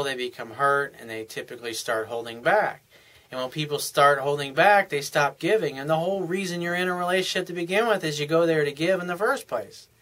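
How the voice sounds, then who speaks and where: A man's voice: fairly high pitch, fairly bright tone. A man giving relationship advice in an unscripted monologue, earnest and frank, explaining things step by step in casual, plain language.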